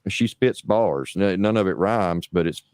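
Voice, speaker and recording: A middle-aged man from New Orleans hosts a casual livestream with crude, mocking, rambling commentary. His voice sits very low. The sound is dry and close, with little room around it. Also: measured pace, a little mellow, clear, resonant tone, no echo. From New Orleans, USA. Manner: crude, rambling, sarcastic storytelling. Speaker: livestream host.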